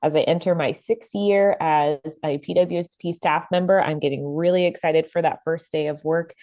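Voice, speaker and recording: Low-voiced friendly woman staffer. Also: moderate pace, no echo, highs cut off. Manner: friendly, excited. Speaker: work-study program staff member. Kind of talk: short podcast greeting.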